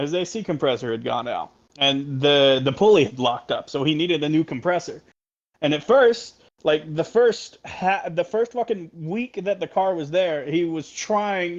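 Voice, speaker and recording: Rambling young man with a muffled mic. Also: a little high. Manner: rambling, profane, full of fillers. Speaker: podcast co-host. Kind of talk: casual storytelling.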